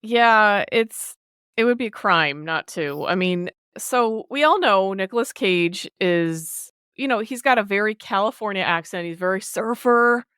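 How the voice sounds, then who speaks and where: Woman co-host, casual chat, smooth voice on a dry, close mic. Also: mid-range voice, a little slow, no room sound. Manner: animated, laughs often. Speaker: podcast co-host.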